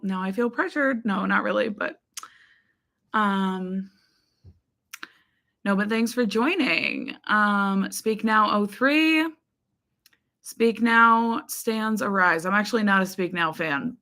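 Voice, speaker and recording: A US livestream host talks loosely with her audience, calling out viewers by name as she reads their comments and using frequent ums. Her voice is mid-range, pushed and bright.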